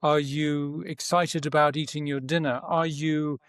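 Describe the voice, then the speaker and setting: A man's voice: a little high, level tone, measured pace, fairly bright tone, smooth, dry recording, clean studio sound. A man, a breathwork teacher and author, explaining at length as a podcast guest, posing rhetorical questions and repeating key phrases.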